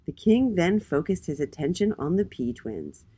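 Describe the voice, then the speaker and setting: A woman hosting a children's story read-aloud, reading gently and expressively. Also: fairly low pitch, big pitch swings, normal speed, few pauses, husky. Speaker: host.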